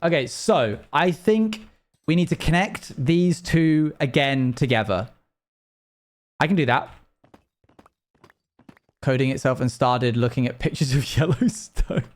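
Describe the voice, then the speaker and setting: While gaming on a live stream, this man talks casually to his audience and rambles between ideas. He speaks at a medium pitch and a measured pace, pausing often.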